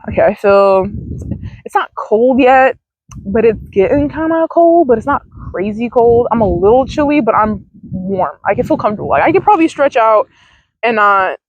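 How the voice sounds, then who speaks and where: A very animated young woman, her voice a little high and her pace moderate, offers casual mindfulness advice while vlogging in a field. It's a low-quality, echo-free handheld-phone recording, and her talk rambles, with casual swearing.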